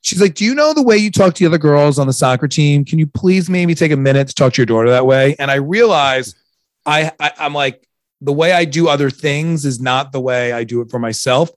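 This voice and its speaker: A man's voice: on the high side, brisk, no echo. Joking, rambling man host, dry sound. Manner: rambling, joking, stumbles and repeats words. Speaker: podcast host. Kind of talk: casual chat.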